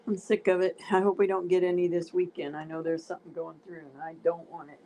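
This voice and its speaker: A woman with a low, mellow voice chats casually on a livestream from home and exclaims often. A faint hum sits behind her. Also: little pitch movement, quick pace, few pauses, rough recording. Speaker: livestream co-host. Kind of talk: casual chat. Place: indoors at home with a dog.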